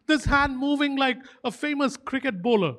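A man's voice: very high-pitched, moderate pace. A man preaching a sermon as pastor, emphatic and fervent, repeating short phrases for stress. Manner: fervent, animated exhortation.

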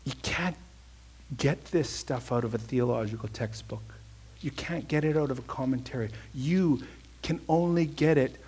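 A man's voice: mid-range voice, a little mellow, slightly rough. A man preaching a conversational sermon, telling a personal story with earnest emphasis and then leading a prayer.

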